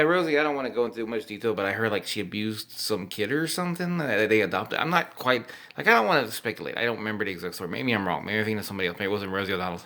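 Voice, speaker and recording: A man's voice: on the low side, pushed and bright. A drunk young man rambling and swearing as he reacts to old commercials, laughing often. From Texas.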